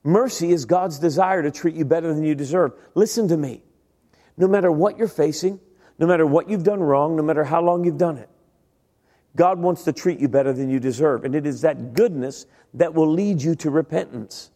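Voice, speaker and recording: Middle-aged male preacher, higher voice, comic storytelling sermon, big reverberant sanctuary. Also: moderate pace. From Italian-American family. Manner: animated storytelling, stammering impressions, self-deprecating humor. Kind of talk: humorous sermon with acted-out voices. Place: large church sanctuary.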